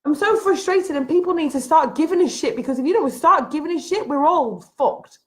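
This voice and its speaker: A high-pitched woman vents straight to camera in a vlog from home. She sounds frustrated and emphatic, circling back to the same points again and again. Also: expressive, fairly quick. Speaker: vlogger. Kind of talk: impassioned rant to camera. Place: at home, having just got out of bed.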